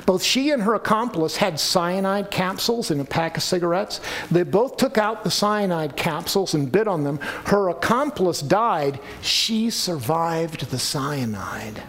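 A man's voice: sits high, moderate pace, hardly any pauses, fairly bright tone. A man preaching a sermon to a congregation, earnest and pleading at times. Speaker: pastor.

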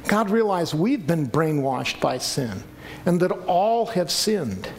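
A man's voice: on the high side, sing-song, takes it slowly, a little hiss or hum. A man preaching a sermon to a congregation, earnest and pleading at times. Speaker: pastor.

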